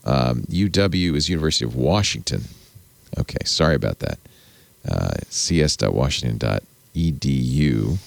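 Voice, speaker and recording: A man's voice: rumbling low, creaky, no echo. A man hosting a tech podcast, talking casually and rambling, often correcting himself and chuckling. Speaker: podcast host.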